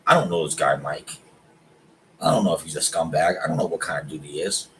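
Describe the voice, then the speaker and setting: A man's voice: rumbling low, a little fast, rough recording. Man, casual chat, emphatic, opinionated, faint background noise. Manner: emphatic, opinionated, says man and bro a lot. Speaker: podcast co-host.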